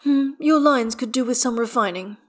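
An arch, sardonic man who drawls his quips with cool dryness, as a woman reading aloud puts him on. Her voice rises only slightly above her usual but stays slow and lively in range, in a storybook reading. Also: medium pitch, voice pushed up. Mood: dry. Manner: dry, arch. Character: sardonic, aloof man, a vampire.

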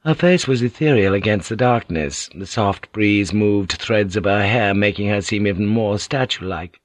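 A man reading a novel aloud in calm, even scripted narration. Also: fairly low pitch, normal speed, few pauses, dry recording. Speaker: audiobook narrator.

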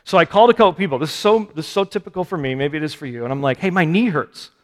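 A man's voice: on the high side, animated, racing. A male pastor giving a conversational sermon, poking fun at himself and putting questions to his listeners. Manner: conversational, self-deprecating, rhetorical questions to listeners. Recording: long reverb of a large hall.

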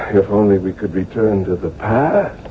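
A man's voice: lowish voice, unhurried. An actor playing a jovial, nostalgic old postmaster and former cavalryman in a radio drama, hearty and chuckling. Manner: hearty, chuckling, lively swoops. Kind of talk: 1970s radio drama acting. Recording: tinny old radio broadcast, faint hiss.

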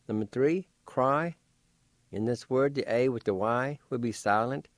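A man giving a radio language lesson, spelling and pronouncing words slowly and deliberately, letter by letter, and encouraging listeners to practice. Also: mid-range voice, lively intonation, darkish tone, no echo.

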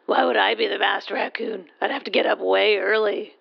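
A woman playing a grumpy female tour site worker in a comedy radio play, with a rough, gravelly voice and a flat, grumbling delivery. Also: mid-range voice, moderate pace, muffled recording.

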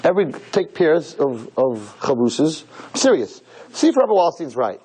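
Speaking as a rabbi to a live audience of girls, a man delivers a preachy, emphatic sermon-like lecture that leans on repetition and rhetorical questions. He's very animated, at a moderate pace, with a warm, slightly rough voice whose pitch leaps high at key points, and the recording is rough.

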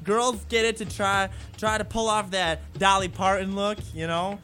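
A man's voice: high voice, level tone, normal speed, sharp tone, faint music behind. A man playing a rude young man who mocks and insults everyone in a comedic rant. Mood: snide. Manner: snide, insulting, mocking.

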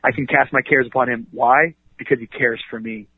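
A fast-talking man with a husky voice makes his points with a preacher's energy. He speaks like a pastor, dropping 'you know what I mean' into his sentences. He comes through a dry, tinny phone line. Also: medium pitch, steady tone. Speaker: pastor and author, interview guest. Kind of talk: conversational radio interview.

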